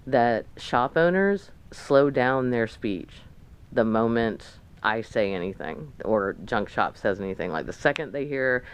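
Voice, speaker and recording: A woman's voice: a bass voice, animated, a little slow, smooth, rough recording. An American woman vlogger in a hotel room, chatting casually and ramblingly about her travels through a camera mic, with lots of restarts and asides. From United States.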